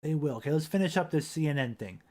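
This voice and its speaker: A man hosting a casual live stream, rambling, repeating himself and reading chat aloud into a boom-arm desk mic. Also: animated, fast talker, dark tone.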